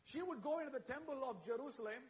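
High-voiced man preaching fervently. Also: fast talker. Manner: fervent, punctuates phrases with amen and hallelujah; asks the congregation questions. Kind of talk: sermon.

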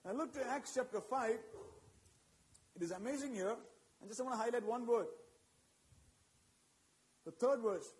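A man's voice: extremely high pitch, a little slow, long pauses, rough recording. A man preaching a sermon with emphatic, repetitive phrasing and call-and-response asides to his congregation.

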